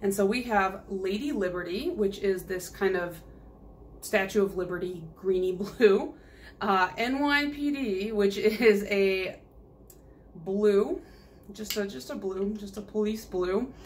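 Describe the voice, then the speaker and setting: A woman's voice: mid-range voice, slow pace, a little hiss or hum. A woman nail polish vlogger chatting casually through a haul video, rambling and giggling as she goes.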